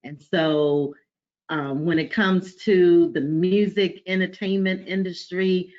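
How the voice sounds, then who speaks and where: A woman's voice: lowish voice, fairly even intonation, slow. A woman on a webinar panel over a video call, speaking emphatically and repeating key phrases. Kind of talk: casual discussion. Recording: dull lo-fi call audio.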